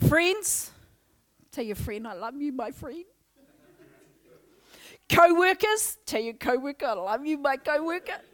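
Woman, young, very high voice, Pentecostal preacher, loud, energetic, call-and-response, church service. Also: measured pace, long pauses. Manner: energetic, exclaiming, loud, urging the crowd. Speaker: guest preacher.

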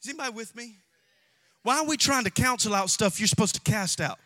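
Impassioned high-voiced male preacher. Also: lively intonation, quick pace. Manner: impassioned preaching, swings from shouts to quiet asides. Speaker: pastor. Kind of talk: sermon. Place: church sanctuary.

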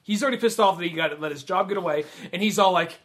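A high, bright man talks casually on a podcast. He rambles and retells film scenes with quoted lines. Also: quick pace. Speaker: podcast co-host. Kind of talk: casual chat.

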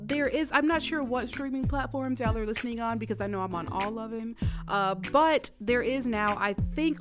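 Chatty young woman podcasting over music. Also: fairly high pitch. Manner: chatty and candid, addresses listeners as y'all. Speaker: podcast host. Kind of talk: casual solo podcast monologue.

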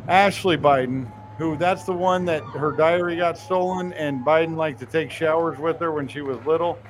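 A man's voice: fairly high pitch, slight background noise. A man hosting a political talk show, delivering sarcastic, mocking commentary.

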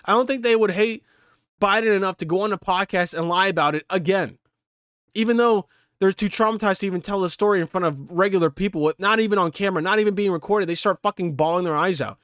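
A man's voice: high voice, fast talker, fairly bright tone, clean tone, dry recording, clean studio sound. A man ranting with heavy profanity, reading a news article aloud and reacting to it in rambling asides. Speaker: commentator.

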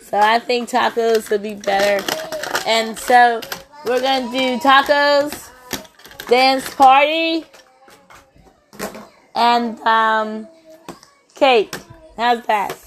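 A mother with a drawl talks slowly and gently to her kids at home, coaxing them along and scolding them now and then. Her voice sits a little high. A faint hiss runs under the recording. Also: steady tone. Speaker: podcast host and mother. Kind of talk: casual family chat. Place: home with children.

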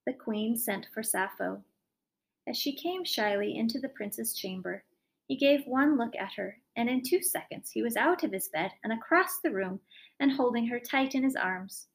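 A woman reading a fairy tale aloud in an expressive, lively storytelling manner. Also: fairly high pitch, normal speed, vocal fry.

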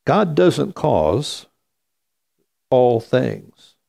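A man preaching a sermon as pastor, slow and emphatic, with wide swings in pitch. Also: sing-song, gravelly, warm tone.

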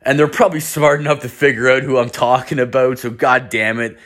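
A man's voice: mid-range voice, flat delivery, a little fast, a bit bright. A man hosting a podcast, telling rambling stories in casual, profane slang. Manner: rambling, swears constantly, slangy. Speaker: podcast host.

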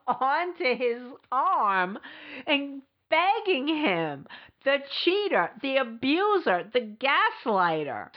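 Middle-aged woman host, blunt and emphatic storyteller, lively pitch, muffled lo-fi audio. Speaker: podcast host. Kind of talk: candid personal storytelling. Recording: dull lo-fi recording.

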